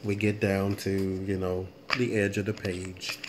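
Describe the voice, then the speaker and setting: Low-voiced rambling man reading tarot. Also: flat delivery, measured pace, a little hiss or hum. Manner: rambling, chatty, thinks aloud. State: yawning, late-night tired. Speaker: tarot reader, channel host. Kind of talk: casual late-night tarot reading vlog.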